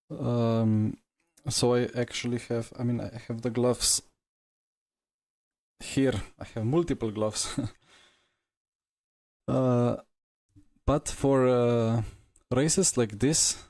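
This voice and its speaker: A man's voice: mid-range voice, a little mellow, dry recording. A man streaming a sim race, out of breath and chatting casually as he talks through the race. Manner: breathless, chatty and reflective after racing. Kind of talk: casual live commentary while sim racing.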